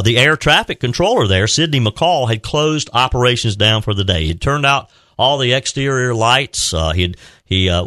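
A man hosting a radio talk show, his tone bright and forward. He speaks earnestly, stumbling and restarting often as he tells a story. A close, dry studio mic. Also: medium pitch, no room sound. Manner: halting, many restarts, earnest. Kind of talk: heartfelt farewell talk and storytelling. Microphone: close studio microphone.

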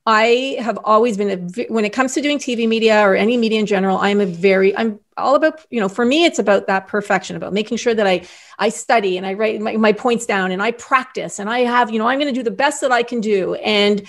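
A middle-aged woman talking as a podcast guest, telling an animated story and acting out other people's lines. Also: medium pitch, fast talker. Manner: animated storyteller, acts out quoted voices. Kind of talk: casual interview chat.

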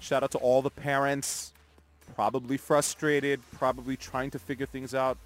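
A man's voice: mid-range voice, little pitch movement, normal speed, soft background music. A man co-hosting a morning radio show, joking and laughing often. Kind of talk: casual radio banter. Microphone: studio microphone.

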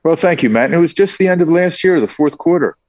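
A man being interviewed, talking in a lively, casual way with quick asides. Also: a little high, dry recording, highs cut off. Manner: energetic storyteller, quick asides. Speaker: guest.

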